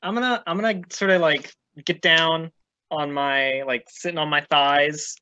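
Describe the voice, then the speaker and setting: A man's voice: on the high side, fairly even intonation, measured pace, bright, forceful tone, clear, resonant tone, muffled recording. A man playing a tabletop game, chatting casually in an easygoing, joking way. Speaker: player.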